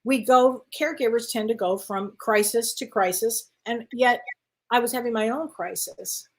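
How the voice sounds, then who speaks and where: A woman's voice: on the high side, normal speed. A woman guest in casual chat, telling her story with lots of acted-out voices and laughter. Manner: animated storyteller, acts out voices, laughs often.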